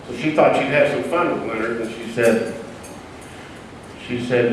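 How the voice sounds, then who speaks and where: A man telling a folksy joke story to a live audience, deadpan with loose pauses. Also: mid-range voice. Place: large conference hall. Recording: echoey hall from far off, noisy.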